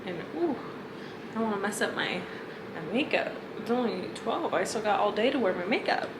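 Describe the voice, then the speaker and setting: A young woman chatting casually in a reading vlog, gushing and emotional about a book, quick to laugh. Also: medium pitch. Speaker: book vlogger. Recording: echoey room with background noise.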